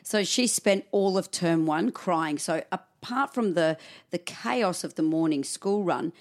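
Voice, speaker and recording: A woman co-hosting a casual chat about parenting, telling animated stories and laughing often. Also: lowish voice, measured pace. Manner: animated storytelling with frequent laughter. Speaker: podcast co-host.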